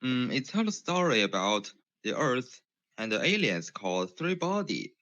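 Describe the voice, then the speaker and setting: A man calling into a livestream, explaining something in a second language, halting and restarting often, heard over muffled call audio. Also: medium pitch, sing-song, sharp tone, no echo. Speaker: caller. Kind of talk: casual chat in a second language.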